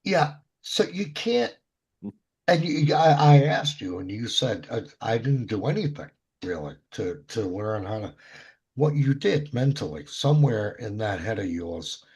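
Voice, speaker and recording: A man hosting a casual chat among DJs, asking his co-hosts questions in an animated way. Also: lowish voice, unhurried, husky. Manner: animated, asks probing questions. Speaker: DJ show host. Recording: muffled lo-fi audio.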